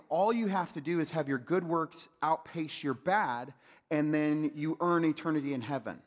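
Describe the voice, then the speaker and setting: Preaching man in a reverberant hall. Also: a little high. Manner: swings from loud urging to hushed near-whispers. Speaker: pastor. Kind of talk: sermon.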